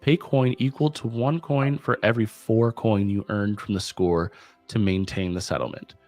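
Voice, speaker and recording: A young man acting as game master, reading out rules in an even, measured way. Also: fairly low pitch. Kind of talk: explaining game rules at a tabletop session.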